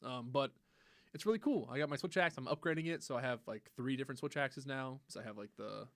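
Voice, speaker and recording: A young man chatting on a gaming podcast at a quick clip, his voice dry and close with no room around it. He is animated and swears freely, often jumping into loud acted-out lines as he retells his play. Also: medium pitch, no room sound. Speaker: podcast co-host. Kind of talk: casual gaming podcast chat.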